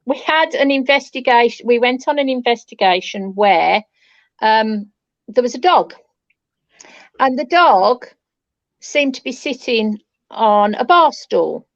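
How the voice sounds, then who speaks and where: Woman telling a lively ghost story. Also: fairly high pitch, a little slow, no room sound, lo-fi sound. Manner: lively anecdote telling, repeats phrases. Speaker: paranormal investigator panelist. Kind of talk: casual chat.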